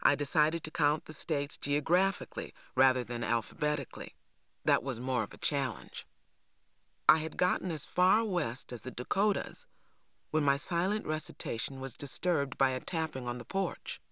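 A narrator reading a novel aloud in a steady storytelling manner. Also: medium pitch, normal speed, no echo, studio quality. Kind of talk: audiobook reading.

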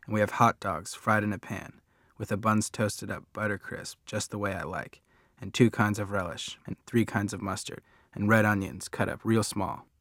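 A man narrates a first-person story with a conversational, wry touch. His voice sits a bit low. The sound is close and dry, like a booth with no room echo. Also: steady tone, moderate pace, a bit bright.

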